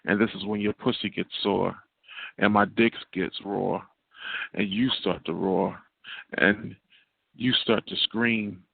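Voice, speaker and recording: A man's voice: fairly low pitch, fairly even intonation, slow, gravelly, slightly rough, dry recording. A man, a guest poet calling in by phone, performing spoken word with a rhythmic, repetitive cadence. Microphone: phone call. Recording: tinny, dry phone line.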